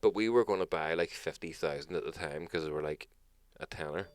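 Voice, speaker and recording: A young man with a Northern Irish accent, co-hosting a podcast in sweary, animated casual chat. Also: sits low, fairly quick, dry recording. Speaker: podcast co-host.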